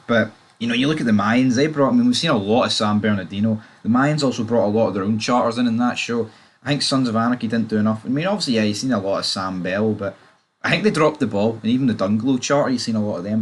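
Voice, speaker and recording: A man reviewing a TV show in casual, opinionated chat, rambling with loose asides to the viewer. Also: lowish voice.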